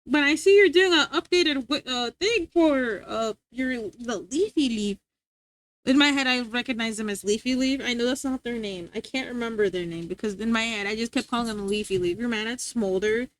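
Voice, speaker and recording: A woman livestreaming and chatting with her viewers in a playful, rambling way, tripping over her words and restarting sentences. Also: moderate pace. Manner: high sing-song voice when scolding her dog. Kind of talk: casual stream chat.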